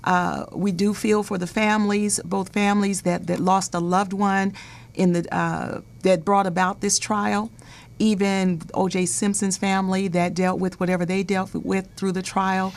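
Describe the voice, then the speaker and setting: A woman hosting an interview talk show with callers, chatty and quick to laugh, often repeating words as she goes. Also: medium pitch, level tone, gravelly.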